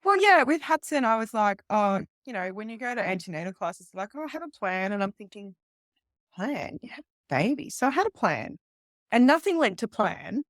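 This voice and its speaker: This woman, a police detective appearing as a guest, speaks at a moderate pace in a somewhat high voice, recorded clean in a studio with no room sound. Chatting casually, she gives an animated retelling of a story, laughing as she acts out the voices of the people involved.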